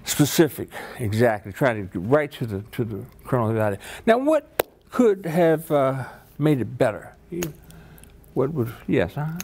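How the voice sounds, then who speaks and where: Male workshop trainer, encouraging and upbeat, mid-pitched voice, coaching a group exercise. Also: lively intonation, moderate pace, darkish tone, a little hiss or hum.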